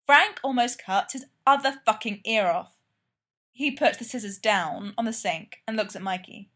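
A woman narrating fan fiction aloud in a plain, even way. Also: on the high side, normal speed. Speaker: reader.

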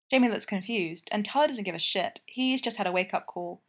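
A woman narrating a romance novel as an audiobook, in steady, intimate storytelling. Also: mid-range voice, brisk, hardly any pauses.

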